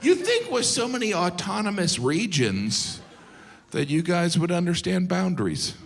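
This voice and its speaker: A man doing a stand-up comedy set, telling stories deadpan with sudden high exasperated bursts. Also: unhurried, creaky. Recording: live hall with audience laughter. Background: crowd laughter and room ambience.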